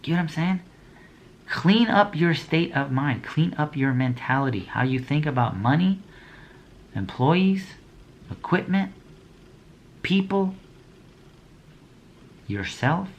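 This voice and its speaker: A man's voice: fairly high pitch, lively intonation, slow, long pauses, dull audio, a little hiss or hum. Blunt, preachy young man with street slang. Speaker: motivational speaker. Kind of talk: motivational talk to business owners.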